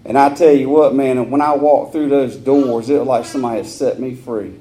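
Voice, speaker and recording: A man's voice: medium pitch, steady tone, brisk, warm tone. A man telling his personal recovery story at a meeting, in a candid, earthy way. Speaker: AA speaker. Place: meeting hall.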